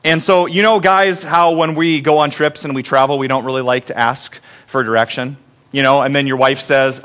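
A man's voice: fairly high pitch, brisk, fairly bright tone. A middle-aged man, a pastor, preaching a conversational sermon in a church, joking at his own expense and putting questions to the congregation. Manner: conversational, self-deprecating, asks the congregation questions. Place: church sanctuary.

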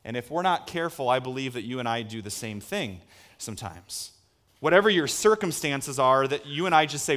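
A male pastor preaching a sermon, earnest and full of rhetorical questions, moving between hushed lines and emphatic ones. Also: medium pitch, animated, fairly quick.

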